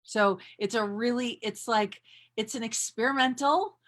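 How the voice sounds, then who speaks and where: A woman's voice: fairly high pitch, unhurried. A woman in her thirties talking casually and with bubbly energy as a workshop leader, with lots of fillers. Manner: bubbly, animated, frequent fillers. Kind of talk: casual live-stream talk.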